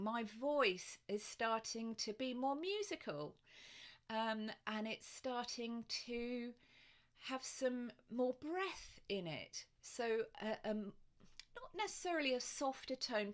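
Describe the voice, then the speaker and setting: A woman voice coach giving a casual video tutorial, chatty, with frequent ums and light laughs. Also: a little high. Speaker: voice and presence coach.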